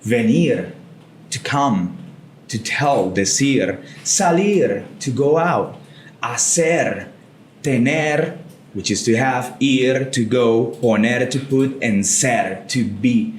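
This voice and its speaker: A man's voice: mid-range voice, animated, takes it slowly, slight background noise. Male podcast co-host, patient step-by-step explainer, mid-range voice, room echo. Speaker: podcast co-host, Spanish teacher. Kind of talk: casual teaching chat. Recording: roomy studio echo.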